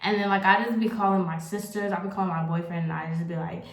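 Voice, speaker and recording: A woman's voice: fairly low pitch, fairly even intonation, fast talker. A young woman vlogging in a candid, rambling way, filling her talk with "like" as she chats while getting ready at home. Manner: rambling, candid, heavy use of "like". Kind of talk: casual confessional chat. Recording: roomy echo.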